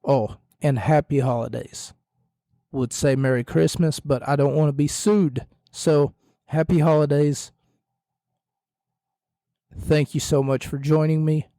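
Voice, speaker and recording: A man hosting a solo wrestling podcast, rambling and correcting himself with jokes, his voice a little hoarse. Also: fairly high pitch, fairly even intonation, measured pace, long pauses, dark tone, no echo. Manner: rambling, self-correcting, jokey. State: slightly hoarse, losing his voice. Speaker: podcast host.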